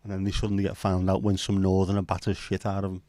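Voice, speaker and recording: A man from northern England rambles through a casual livestream, full of sweary banter and jokes. His voice sits on the low side. The sound is dry, with no room echo. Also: monotone, quick pace, warm tone. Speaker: livestream host.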